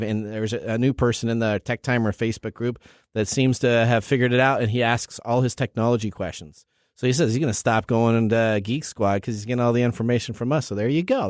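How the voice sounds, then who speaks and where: A man hosting a tech radio show, chatting casually and upbeat, with quick asides. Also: mid-range voice, no room sound, clean studio sound.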